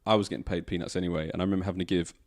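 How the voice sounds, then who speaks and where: A young man from England, chatting as a guest comedian on a podcast. His voice sits on the low side, and he tells his stories animatedly, slipping into quoted voices. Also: fairly even intonation, rapid-fire, darkish tone. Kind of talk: casual podcast chat.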